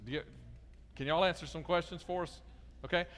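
A middle-aged pastor gives a children's sermon, coaxing the kids with lively questions. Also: male voice, on the high side, fairly quick. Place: church sanctuary. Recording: long reverb of a large church hall.

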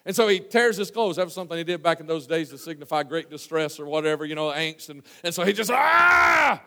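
A male pastor preaching a sermon in a church, folksy and storytelling, with many restarts, swinging from hushed asides to loud emphasis. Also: fairly high pitch, quick pace, in a large hall. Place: church sanctuary.

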